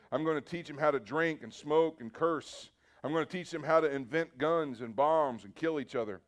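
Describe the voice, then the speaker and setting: A man's voice: fairly high pitch, fairly bright tone, natural voice. A man voicing a gloating, boastful male devil in a sermon story, with a sneering, drawling delivery.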